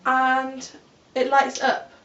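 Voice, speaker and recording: A woman's voice: sits high, completely flat delivery, drawn-out words, a bit bright, distant mic. A young woman, playfully teasing her friend as they chat about lip products. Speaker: beauty vlogger. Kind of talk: casual chat about makeup favourites. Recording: echoey dull audio, a little off-mic.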